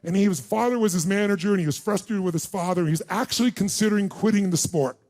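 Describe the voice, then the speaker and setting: A man's voice: sits high, fast talker, a little mellow. A middle-aged man on stage, telling a story to a live audience as a motivational speaker and quizzing the crowd. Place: large event room.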